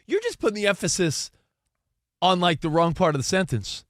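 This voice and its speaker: A man's voice: high voice, wildly swooping pitch, brisk, a bit bright, no room sound, clean studio sound. A man co-hosting a sports talk radio show, playful and teasing in casual banter. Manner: playful, teasing, laughs often.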